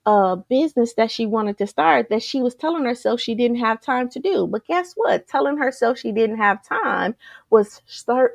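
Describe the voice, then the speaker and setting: Woman coach, fired-up motivational talk, gravelly edge, dry close sound, keeps asking the listeners questions. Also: fairly high pitch, no echo. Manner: energetic, repetitive, rhetorical questions, keeps saying "you guys". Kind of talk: live motivational talk to an online group.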